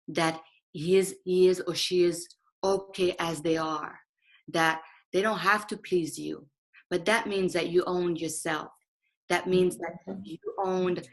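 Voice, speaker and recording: A woman's voice: on the low side, fairly bright tone, poor audio. Earnest woman talking about honesty. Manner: earnest, emphatic, acts out her own inner thoughts. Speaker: speaker in a conversation. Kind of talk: reflective conversational talk.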